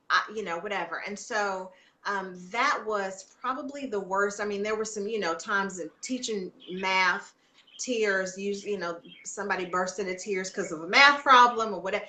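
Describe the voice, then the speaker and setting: Woman rambling through stories w fillers, bright voice, echoey room. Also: mid-range voice, moderate pace. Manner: chatty storytelling, frequent fillers and restarts. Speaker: guest, homeschooling mother. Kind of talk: casual interview chat.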